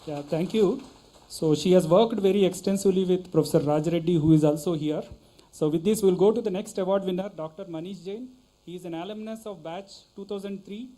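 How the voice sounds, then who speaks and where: A man presenting awards at a ceremony on an auditorium stage, announcing winners formally with some halting pauses. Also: sits high, mellow, rough recording.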